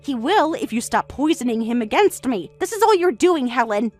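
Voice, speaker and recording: Playing a frantic middle-aged mom on the defensive, a woman talks in a raised, shrill, insistent voice against faint music. Her delivery is sing-song at a moderate pace.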